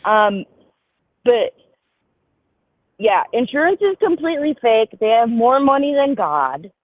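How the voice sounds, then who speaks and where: A woman's voice: on the high side, very animated, unhurried, dry recording. Woman caller, chatty and candid, thin call-line sound. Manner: candid, rambling, laughs easily. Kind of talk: casual chat. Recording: tinny phone-like call line.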